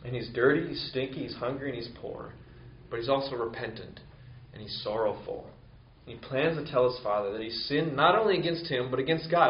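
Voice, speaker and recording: A man's voice: medium pitch, normal speed. A man giving a conversational sermon, rambling casually with many fillers. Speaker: pastor. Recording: roomy, slightly dull sound.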